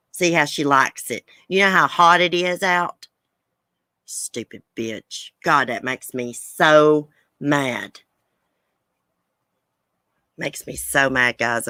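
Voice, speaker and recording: A woman's voice: very deep voice, pushed and bright, dry recording. A woman hosting a casual live chat with viewers, blunt and profane. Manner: blunt, angry and profane, then chatty. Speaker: livestream host.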